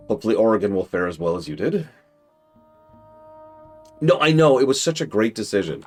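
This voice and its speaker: A young male streamer with a deep voice that swings widely as he talks. He gives enthusiastic, opinionated game commentary full of rambling asides. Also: very animated, moderate pace, long pauses, faint music behind. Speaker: streamer host.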